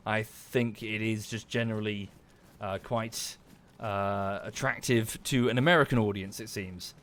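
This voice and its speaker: A man's voice: lowish voice, steady tone, unhurried, a bit bright, a little hiss or hum. Chatty Estuary English man streaming a game. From southern England. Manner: chatty, thanks viewers by name, mutters and swears at the game. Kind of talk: casual livestream commentary while gaming.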